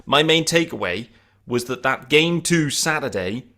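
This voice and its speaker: Host: man, mid-pitched, lively banter with his guest. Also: measured pace. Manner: animated, laughs easily. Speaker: podcast host. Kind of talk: casual podcast chat.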